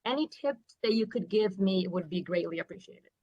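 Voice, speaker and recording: A woman's voice: medium pitch, lively intonation, moderate pace, muffled recording. Gushing woman from São Paulo. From São Paulo, Brazil. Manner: warm, gushing, emotional, talks in a rush. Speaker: audience member asking a question. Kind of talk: live Q&A question.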